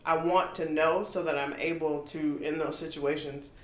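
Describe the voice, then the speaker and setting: A woman co-hosting a casual talk show, telling stories in a lively, laughing way. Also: low-pitched, moderate pace. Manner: animated, laughing storyteller. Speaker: podcast co-host. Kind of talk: casual chat. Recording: roomy echo, faint noise.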